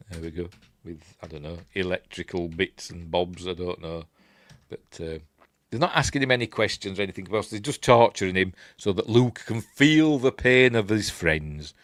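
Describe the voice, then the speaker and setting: Yorkshire man, deep voice, chatty rambling film reviewer, dry close sound. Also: dry recording. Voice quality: rambling, self-correcting, with chuckles and asides. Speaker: film reviewer, channel host. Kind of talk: casual film commentary.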